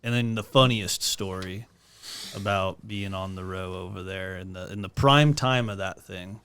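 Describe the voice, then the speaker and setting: A man with a smooth, somewhat low voice co-hosts a podcast. He asks his guest questions in a relaxed, casual way. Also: normal speed. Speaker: podcast co-host asking questions.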